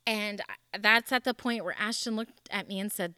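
A woman recounts a personal story in an earnest, candid way, like she is talking to friends. Her voice is smooth and clear, and the sound is dry and close. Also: a little high, normal speed, hardly any pauses, fairly bright tone, dry recording. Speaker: small group leader.

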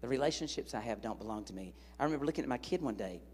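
Man, preacher, husky voice, animated and joking, long echo of a big church hall. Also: mid-range voice, rapid-fire. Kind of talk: sermon.

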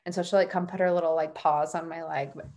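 A woman's voice: low-pitched, fairly even intonation, fast talker, a little mellow. A woman hosting a podcast in a casual, chatty way, full of fillers and self-deprecating laughs. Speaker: podcast host.

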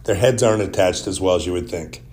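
A man's voice: deep voice, fast, a little mellow. A man hosting a solo podcast, telling stories in a rambling, wry and joking way. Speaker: podcast host. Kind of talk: casual solo podcast monologue.

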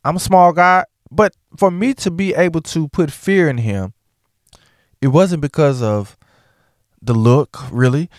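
A man's voice: a little high, a little slow, no echo, clean studio sound. A man talking casually and outspokenly to the camera, mixing jokes with blunt opinions. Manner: animated, joking, outspoken. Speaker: vlogger.

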